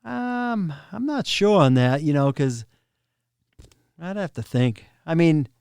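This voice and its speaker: Smooth-voiced middle-aged man telling stories. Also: on the high side, animated, slow pace, a little mellow, no echo, clean studio sound. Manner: easygoing, humorous anecdotes. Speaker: guest, drum tech. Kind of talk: casual interview chat.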